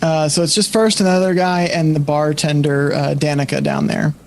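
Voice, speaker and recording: A man narrating as game master, casual and halting with fillers. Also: fairly high pitch, flat delivery, creaky, a little hiss or hum.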